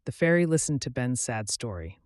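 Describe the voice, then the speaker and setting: Clear, expressive male storyteller, medium pitch with a lot of lift, dry close sound. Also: a little fast, no echo. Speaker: channel host and storyteller. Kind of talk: scripted story narration for English learners.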